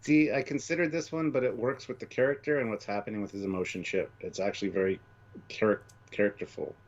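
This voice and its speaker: A man's voice: on the low side, fast talker. A man co-hosting a casual live stream, chatting and reading out donor names. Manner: reads out donor names, lively banter. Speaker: podcast co-host. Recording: dull lo-fi stream audio.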